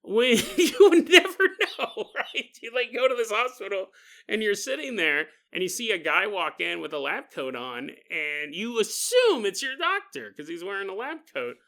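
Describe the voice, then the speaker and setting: A man hosting a casual, comedic paranormal podcast, animated and jokey with a sing-song delivery. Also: high voice, moderate pace. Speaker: podcast host.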